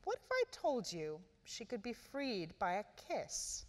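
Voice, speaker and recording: A woman reading the lines of a cruel, amused fairy queen in a cool, measured, soft voice. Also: medium pitch, wildly swooping pitch, in a large hall, a little hiss or hum.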